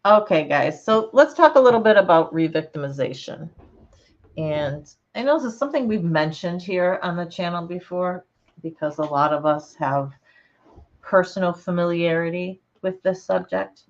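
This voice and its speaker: A woman hosting her channel, chatting casually with her viewers and reading their comments, relaxed and quick to laugh. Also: on the low side. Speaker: channel host. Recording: slightly dull lo-fi sound.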